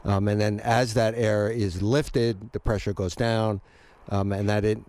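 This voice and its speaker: A man appearing as a guest weather expert on a radio show, explaining in a relaxed, plain way. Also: on the low side, unhurried.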